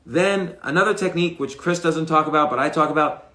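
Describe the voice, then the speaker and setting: Middle-aged male host, casual live-stream talker, slightly high voice, echoey room. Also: fairly quick, bright, forceful tone. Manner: conversational, restarts phrases, acts out dialogue examples. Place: home room, livestream. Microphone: mic on a stand. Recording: roomy echo.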